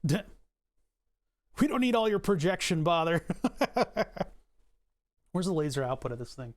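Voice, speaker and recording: A man's voice: on the high side, sing-song, unhurried. A man casually chatting to his livestream chat while working on a design, rambling with joking asides and self-mocking laughs. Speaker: streamer.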